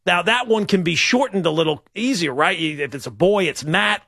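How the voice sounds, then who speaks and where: A male sports radio host riffs in a rambling, wry monologue. His voice sits high and swings widely in pitch, and it sounds dry and close in the studio. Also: animated, a little fast, pushed and bright, slightly rough, no room sound. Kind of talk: casual talk radio monologue.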